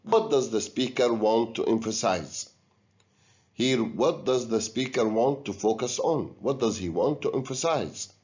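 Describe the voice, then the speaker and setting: Slow, lively-voiced male English teacher. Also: mid-range voice, muffled recording. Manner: slow, deliberate, guiding students step by step. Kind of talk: recorded video lesson.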